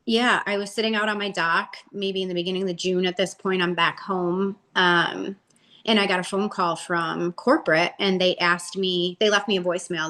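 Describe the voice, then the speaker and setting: A woman in her forties, an interview guest, telling her story casually and acting out what people said with a rising voice. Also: fairly low pitch. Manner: animated, acts out quotes with a rising voice.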